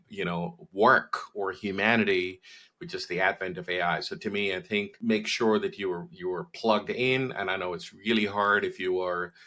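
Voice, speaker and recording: A man, a marketing guest in an interview, giving measured advice with frequent fillers. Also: deep voice, sharp tone.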